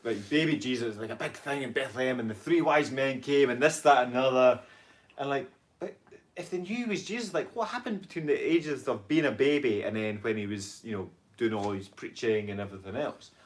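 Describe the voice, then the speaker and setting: A Scottish man co-hosting a casual chat, telling animated stories, acting out quotes and reading out viewer comments. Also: medium pitch, a little fast. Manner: animated storytelling, acts out quotes, crude jokes.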